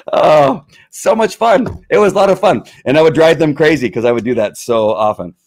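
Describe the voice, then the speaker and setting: A man's voice: on the high side, expressive, fairly quick, darkish tone. A middle-aged man, a former police officer, telling stories in a casual monologue, rambling with many fillers and frequent chuckles.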